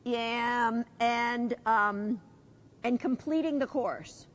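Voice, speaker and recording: A woman's voice: on the high side, extremely slow. A middle-aged woman teaching a live dog agility seminar, chatty, asking her students questions and reading out their comments.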